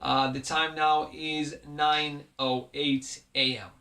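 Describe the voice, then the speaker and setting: Bright-voiced man teaching vocabulary. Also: fairly high pitch, little pitch movement, slow. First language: Hebrew. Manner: patient, methodical word-by-word teaching with occasional "uh" fillers. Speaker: Hebrew instructor. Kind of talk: recorded language lesson.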